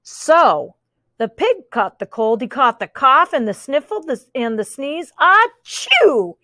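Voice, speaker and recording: A woman reading a picture book aloud to children, animated, with chatty asides and playful sound effects. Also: high voice, measured pace, dry recording, studio quality. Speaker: storybook reader.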